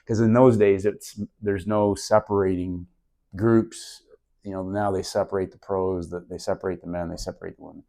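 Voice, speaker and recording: Earnest, fairly low-voiced man reminiscing. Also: level tone, moderate pace, dark tone. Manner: earnest, reflective storyteller. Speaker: podcast guest. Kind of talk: casual interview storytelling.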